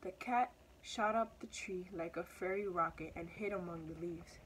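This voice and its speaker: A young woman, a student, reading a children's story aloud with steady, expressive storytelling. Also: lowish voice, normal speed, a little hiss or hum, rough recording. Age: teenager or young adult. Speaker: student reader.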